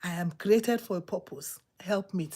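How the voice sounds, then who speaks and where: A woman preaching a sermon in an emphatic, repetitive, exhorting manner, swinging between loud outbursts and low murmurs. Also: moderate pace.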